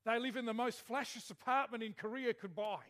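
A man's voice: extremely high pitch, fairly even intonation, fairly quick, a bit bright. A male pastor preaching a sermon in a chatty way, often asking the congregation questions.

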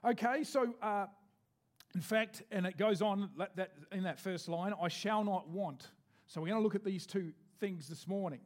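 A man preaching a sermon as pastor, leading the congregation in responses and reading scripture slowly. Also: sits high.

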